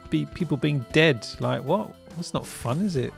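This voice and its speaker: A man's voice: fairly high pitch, a little slow, gravelly, few pauses, husky, soft background music. A man hosting a live stream in casual chat, rambling and laughing often, tagging lines with "right?" and "bruv". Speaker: streamer host.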